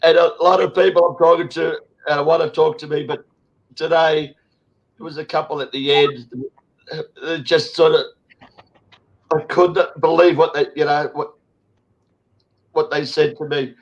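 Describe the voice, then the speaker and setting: A high-voiced Australian man in his sixties talks in an impassioned online chat. He is emotional, swears hard and rambles, restarting his sentences as he goes. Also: steady tone, a little slow, pauses often, highs cut off. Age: 60s. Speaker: show host.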